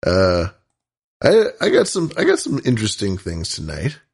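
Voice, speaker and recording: A man with a low, gravelly voice hosts a podcast in loose, casual chat. He rambles playfully and restarts his sentences often. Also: huge pitch swings, moderate pace, darkish tone. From US West Coast. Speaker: podcast host.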